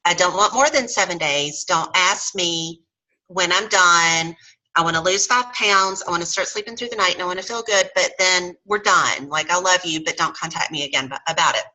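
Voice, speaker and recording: A woman's voice: on the low side, normal speed, pushed and bright, rough recording. A middle-aged woman telling her story in a casual interview chat, often acting out what others said. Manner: chatty storyteller, acts out quoted voices. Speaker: guest sharing her story.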